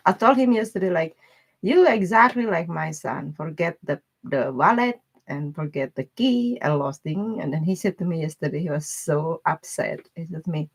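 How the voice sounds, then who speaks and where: Her voice sits low and sounds husky and expressive at normal speed as she does a casual tarot reading on a live stream. She talks bluntly in loose, broken grammar and laughs a lot.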